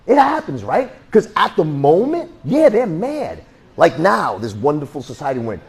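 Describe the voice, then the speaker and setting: A man teaching a self-defense class in a blunt, joking, animated way. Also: on the high side, normal speed, creaky, breathy edge. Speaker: martial arts instructor.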